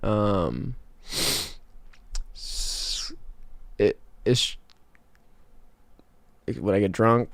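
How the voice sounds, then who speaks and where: Extremely slow, with long pauses, this man's lowish voice is creaky yet a bit bright and expressive, recorded with no echo. He's a South Georgia livestreamer in his twenties, reading chat and rambling casually with frequent fillers and restarts.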